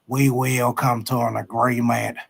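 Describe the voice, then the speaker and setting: Man doing a low, slow, evasive old team owner. Comic impression, drawled and full of stalling pauses. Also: little pitch movement, creaky, slightly rough, full character voice. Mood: folksy, evasive. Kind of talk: comic impression on a live sports stream.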